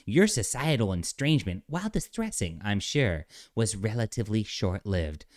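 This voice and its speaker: A man's voice: on the low side, big pitch swings, moderate pace, darkish tone. A man voicing a prim, preachy alien rock creature in a mocking "soy voice", reading a comic aloud. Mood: lecturing. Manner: earnest, lecturing, mocking "soy voice".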